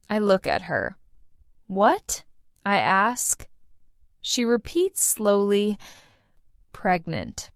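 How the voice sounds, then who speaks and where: A woman reading a short first-person story aloud for English learners, in a slow and deliberate manner. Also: mid-range voice, clean tone, dry recording, clean studio sound. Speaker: English teacher narrator.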